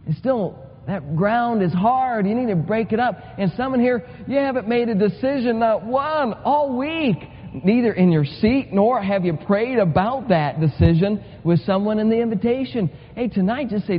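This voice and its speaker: Earnest preacher in a reverberant hall. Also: male voice, high-pitched, animated, normal speed, slight background noise. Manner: earnest, repetitive, builds to urgent emphasis. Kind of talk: sermon. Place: church sanctuary. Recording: muffled sound with long hall reverb.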